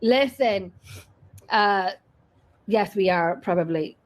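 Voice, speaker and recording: A woman's voice: mid-range voice, slow pace, low-quality recording. A woman hosting a live paranormal talk show, chatty and teasing, laughing often. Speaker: host.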